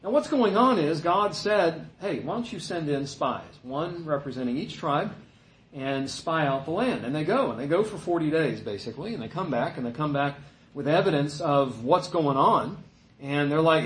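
A man's voice: fairly high pitch, expressive, moderate pace. Preacher man in an echoey room. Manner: conversational, retells scripture with mocking quoted voices. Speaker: pastor. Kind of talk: sermon.

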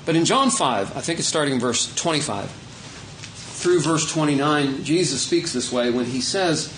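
A man preaching an unscripted, conversational sermon as pastor, shifting between emphatic points and quiet asides. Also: a little high, lively intonation, unhurried, roomy sound, slight background noise, low-quality recording.

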